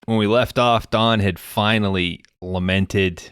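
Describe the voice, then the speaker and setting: A man's voice: on the low side, fairly even intonation, measured pace, a bit bright, clean tone, no echo, studio quality. A man hosting a casual movie podcast, retelling scenes and reading out the characters' lines. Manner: retells scenes and reads film dialogue aloud. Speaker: podcast host. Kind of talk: casual movie recap chat.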